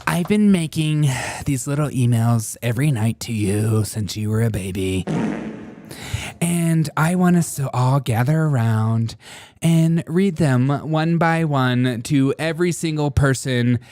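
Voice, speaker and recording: A man's voice: medium pitch, animated, measured pace, a little mellow, dry recording, close to an everyday voice. A man mockingly voicing a smug mother who gathers her kids to announce something, with an exaggerated sing-song delivery.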